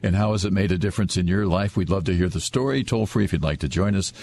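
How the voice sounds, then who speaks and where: A man's voice: sits low, fast talker, creaky. A man hosting a call-in radio show, introducing his guest and taking calls. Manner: steady, announcing calls and the phone number. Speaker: radio host.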